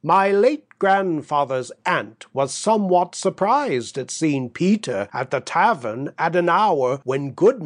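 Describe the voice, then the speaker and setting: A man narrating a classic story as an audiobook, measured and deliberate. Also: a little high, no room sound, studio quality. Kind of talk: scripted narration.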